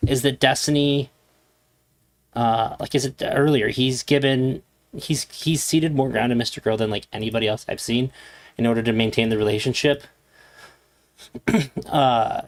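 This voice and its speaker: Male streamer, mid-pitched voice, casual rambling commentary with restarts. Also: fairly even intonation, normal speed, pauses often. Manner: rambling, many fillers and restarts.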